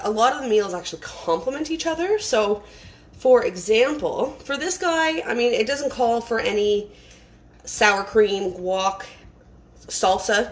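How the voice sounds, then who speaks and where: A woman's voice: medium pitch, background noise. A woman giving a casual, rambling cooking demonstration in her home kitchen, chatting as she works with lots of fillers and restarts.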